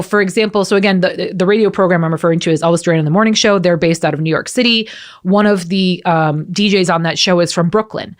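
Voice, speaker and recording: An American woman hosting a podcast, chatting casually and frankly and swearing now and then. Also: fairly low pitch. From United States. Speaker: podcast host. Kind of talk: casual chat.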